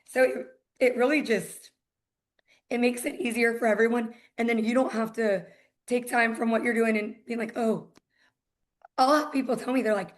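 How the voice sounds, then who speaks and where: A woman's voice: a little high, steady tone, normal speed. A woman with a Southern US accent, a title company executive chatting as a podcast guest and telling stories by acting out both sides of past conversations. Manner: chatty storyteller, acts out quoted exchanges. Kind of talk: casual podcast chat.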